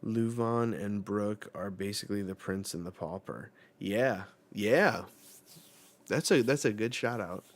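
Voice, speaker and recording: A man's voice: lowish voice, unhurried. A man hosting a casual live manga reaction, laid-back and rambling with many fillers.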